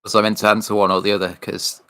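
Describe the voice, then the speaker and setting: Man, podcast co-host, halting casual chat, bright tense tone. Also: lowish voice, flat delivery, smooth. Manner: hesitant, halting, many ums.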